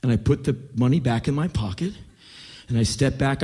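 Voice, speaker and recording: A man's voice: medium pitch, fairly quick, warm tone, breathy edge. A man performing a spoken-word rant on stage, intense and profane.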